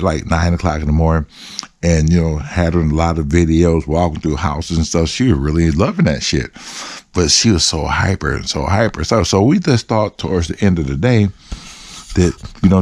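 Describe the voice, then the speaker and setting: Deep-voiced man telling stories. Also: animated, moderate pace, a little mellow, no echo. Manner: rambling, profane, laid-back. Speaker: host. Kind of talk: casual storytelling.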